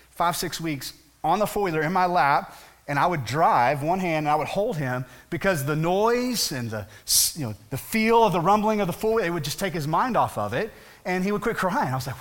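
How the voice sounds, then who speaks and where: Animated, bright-voiced male preacher. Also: on the high side. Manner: animated, conversational preaching with rhetorical questions. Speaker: pastor. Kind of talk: sermon.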